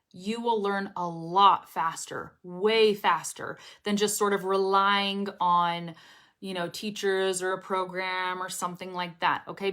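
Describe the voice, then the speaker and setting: Young female teacher, casual, encouraging, checks in constantly, mid pitch. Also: fairly bright tone. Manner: chatty, encouraging, often checks in with "okay?" and "right?". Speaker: English pronunciation teacher. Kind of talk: casual spoken lesson to camera.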